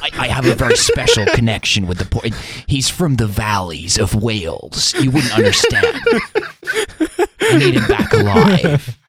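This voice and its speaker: A man's voice: mid-range voice, huge pitch swings, normal speed, a crowd in the background. A man voicing a frantic action-hero man who pleads for his lost porpoise, in a mock-desperate comic tone.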